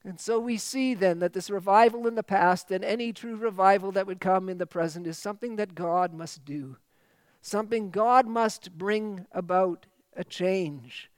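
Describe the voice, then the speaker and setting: A man's voice: sits high, moderate pace, dry recording. A man preaching a sermon as pastor, emphatic and full of repeated phrases.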